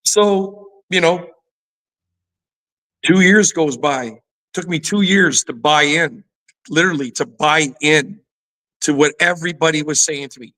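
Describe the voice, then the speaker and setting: A man's voice: a little high, a little slow, pauses often, fairly bright tone, rough recording. A middle-aged man, a former athlete turned fitness trainer, candidly telling a personal story in an interview, full of "you know" fillers. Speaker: guest, former pro football player and fitness trainer.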